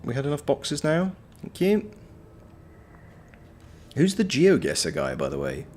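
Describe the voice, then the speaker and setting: A man and voice actor giving live-stream gameplay commentary, swearing freely as he yells at the game and chats with viewers. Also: on the high side, a little slow. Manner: animated, swears freely, talks to the game and to chat.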